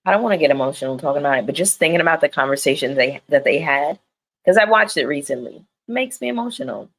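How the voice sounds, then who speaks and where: This reality TV reviewer chats casually with her live-stream audience, blunt, full of slang and swearing. She talks fast and animatedly in a low voice, captured on a rough recording.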